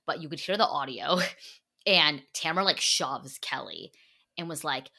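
A woman's voice: low-pitched, measured pace, creaky, pushed and bright. A woman hosting a podcast, chatting casually and gossiping, full of "like" fillers and swearing. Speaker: podcast host.

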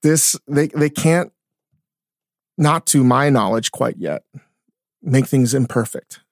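A man co-hosting a casual podcast, talking in an animated way, swearing often and restarting his sentences. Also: mid-range voice, takes it slowly, dry recording, studio quality. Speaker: podcast co-host, chef. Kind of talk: casual chat. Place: studio.

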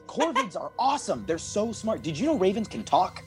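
A player in a tabletop game who talks excitedly and goes off on tangents. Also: mid-range voice, a little fast, faint music behind.

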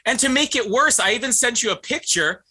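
Wry male co-host, high and very bright, incredulous. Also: animated, a little fast, breathy edge. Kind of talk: casual chat.

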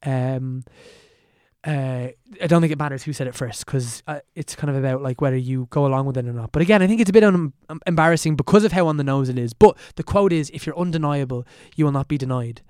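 A young Irish man in his twenties chatting as a podcast guest, quick and self-deprecating with lots of fillers. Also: mid-range voice, darkish tone, clean tone, dry recording, clean studio sound. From Ireland. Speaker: podcast guest answering questions. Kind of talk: casual podcast chat.

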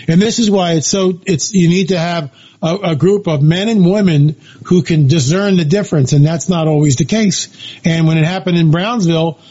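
A man's voice: high voice, a little mellow, husky. A man, an author being interviewed, telling his story emphatically with many repeated phrases and fillers. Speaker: author and researcher guest. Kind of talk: animated storytelling interview talk. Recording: dull lo-fi audio.

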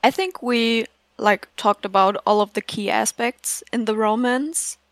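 A woman talks thoughtfully and at a measured pace in a casual chat. Her voice is fairly high. The sound is dry and close. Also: dry recording.

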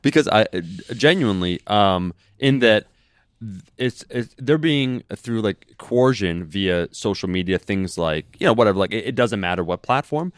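A man with a fairly low voice rambles through a casual chat, stacking fillers and restarting his sentences. The recording is dry and close, with no room sound. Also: expressive, moderate pace, clear, resonant tone, no echo.

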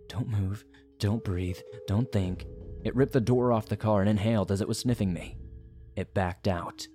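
A man's voice: fairly low pitch, a little mellow. A man narrating a first-person horror story in a dramatic, suspenseful way.

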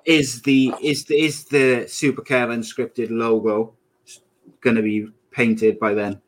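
A man's voice: medium pitch, level tone, takes it slowly. A man in his thirties co-hosting a podcast in casual, joking chat, often laughing at his own jokes. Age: 30s. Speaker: podcast co-host.

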